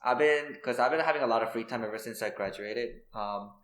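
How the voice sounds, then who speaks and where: A young man in his twenties chats on a podcast in a rambling, filler-heavy way and laughs easily. His voice sits at a middle pitch. The sound bounces around an echoey room. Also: brisk, a bit bright. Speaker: podcast co-host. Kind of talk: casual chat.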